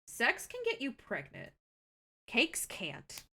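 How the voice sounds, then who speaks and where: A young woman streamer rambling casually to her viewers in a fairly high voice that swoops up and down a lot. She talks in a chatty, self-deprecating way and swears freely. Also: huge pitch swings, slow pace, vocal fry, bright, forceful tone, slightly rough.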